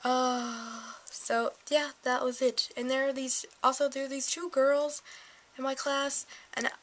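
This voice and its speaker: 18 yo girl venting to her camera, kinda high voice, sarcastic and fed up, swears a lot. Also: little pitch movement, measured pace, fairly bright tone, a little hiss or hum, rough recording. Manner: sarcastic, exasperated, swears freely. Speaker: vlogger. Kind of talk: casual ranting vlog.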